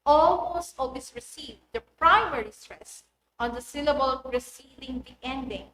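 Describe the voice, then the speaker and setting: Slow, high-voiced woman teaching. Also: bright, forceful tone, slight background noise. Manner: deliberate, pronounces example words one by one with marked stress. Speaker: English teacher. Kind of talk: recorded classroom lesson. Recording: roomy echoey recording.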